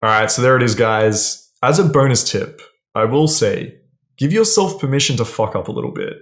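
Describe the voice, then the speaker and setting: A man's voice: medium pitch, expressive, moderate pace. Blunt, swearing male dating coach. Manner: casual, blunt, swears freely, keeps asking "right?". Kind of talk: direct-to-camera advice.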